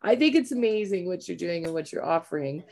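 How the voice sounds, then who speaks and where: A woman's voice: lowish voice, animated, fairly quick, gravelly, darkish tone. A middle-aged woman hosting a casual interview chat, rambling and chatty with many fillers. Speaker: podcast host.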